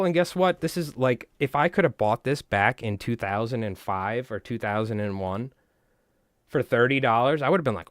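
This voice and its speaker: A man, chatting in a rambling, animated way to his viewers while tying flies on a live stream. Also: mid-range voice, normal speed, no room sound, clean studio sound. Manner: rambling, animated, talks to chat.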